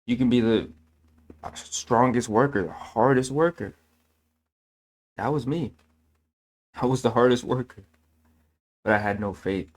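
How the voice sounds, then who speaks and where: A medium-pitched man talks a little slowly, leaving long pauses. As a channel host, he gives an earnest, casual faith talk, repeating himself, fixing his own slips, and sounding preachy, with "man" and similar fillers.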